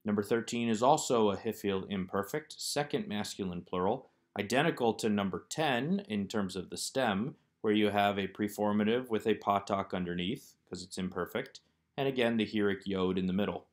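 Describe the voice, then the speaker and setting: A man teaching a recorded Hebrew grammar lesson, walking through workbook exercises one by one in a methodical, explanatory way. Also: on the low side.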